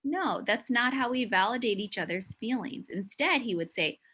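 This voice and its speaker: A woman presents an educational talk in a bright, clear voice, speaking earnestly and pressing her points. She keeps it conversational, leaning on easy fillers as she addresses listeners she can't see. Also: fairly high pitch, animated, moderate pace. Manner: earnest and emphatic, with frequent "you know" and "like". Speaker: presenter of a mental health talk.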